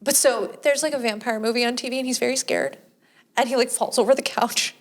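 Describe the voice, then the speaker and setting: Lively woman recapping a movie. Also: a little high, brisk. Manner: animated, acts out lines from scenes. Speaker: podcast co-host reviewing a movie. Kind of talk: casual chat.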